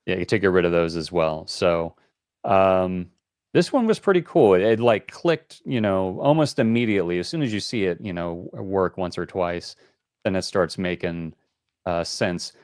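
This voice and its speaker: A man's voice: low-pitched, animated, moderate pace, darkish tone, dry recording, clean studio sound. A man hosting a board game call-in show, explaining rules in a rambling, casual way with many fillers.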